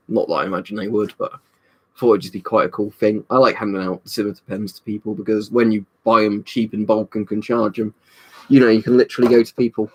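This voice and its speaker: A young man talks through a relaxed live stream from his room at home, his voice sitting a little low. He rambles from one viewer's comment to the next, full of "um" and "you know". He is a touch tipsy from a drink. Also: fairly quick. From United Kingdom. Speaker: livestream host.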